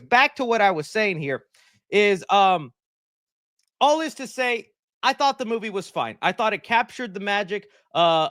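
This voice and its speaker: A man hosting a livestream, talking in a rambling, joking, animated way at his desk mic. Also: on the high side, no room sound, clean studio sound. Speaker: livestream host. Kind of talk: casual livestream chat.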